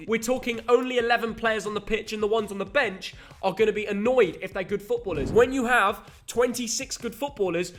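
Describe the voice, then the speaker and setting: A young man with a notably high voice talks football in a casual chat. He teases his co-host with a playful edge. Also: slight background noise. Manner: teasing and playful.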